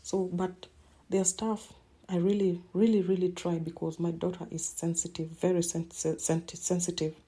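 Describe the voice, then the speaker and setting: As a podcast host, a middle-aged woman shares a personal story in a low, mellow, slightly husky voice with a level tone. She speaks haltingly and emotionally, often repeating words mid-sentence.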